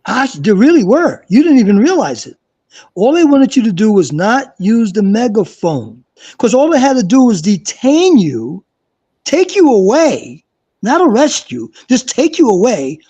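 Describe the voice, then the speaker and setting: Man, ex-cop host, firm and correcting, mellow dark voice, lively pitch. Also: moderate pace, slightly rough. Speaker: live show host, former police. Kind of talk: casual live chat.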